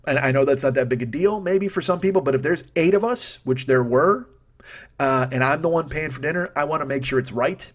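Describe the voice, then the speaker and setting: A man in his fifties telling a long comic story on his podcast, profane and rambling, cutting himself off and restarting, then bursting into loud rants. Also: fairly high pitch, brisk. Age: 50s. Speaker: podcast host. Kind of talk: comedic storytelling monologue.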